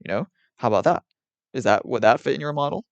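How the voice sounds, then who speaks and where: A man's voice: mid-range voice, expressive, quick pace, creaky, no echo, dull audio. A man streaming live, arguing with and ranting at his chat in an exasperated, repetitive way. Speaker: livestreamer.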